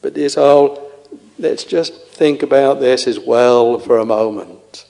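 A man preaching a sermon, tenderly addressing his listeners in a slow, intoning way. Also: mid-range voice, vocal fry, warm tone. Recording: long reverb of a large hall.

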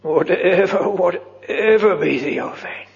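A man preaching a solemn old-fashioned sermon in a church, slow and earnest, dropping at times to a hushed whisper. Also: high voice, gravelly. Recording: muffled old church recording with long reverb.

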